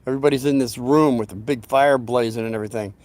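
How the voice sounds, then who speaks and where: A man's voice: medium pitch, fast talker, a little mellow. A man hosting his own channel, telling a story in a meandering, folksy way, often breaking off into asides. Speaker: channel host telling stories. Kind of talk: rambling casual storytelling.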